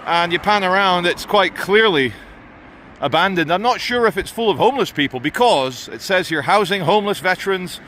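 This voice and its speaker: A man with a British English accent doing a walking vlog outdoors on a town high street, ranting sardonically with wry asides. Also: expressive, normal speed, bright, forceful tone, a little hiss or hum. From England. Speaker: vlogger.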